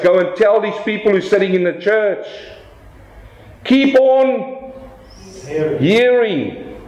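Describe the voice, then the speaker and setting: A pastor delivers his sermon with animated energy, his fairly high voice leaping up and dropping low to stress each point. He slows right down on key phrases. The sound carries a noticeable room echo. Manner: animated preaching with dramatic pitch swings and slow emphatic phrases.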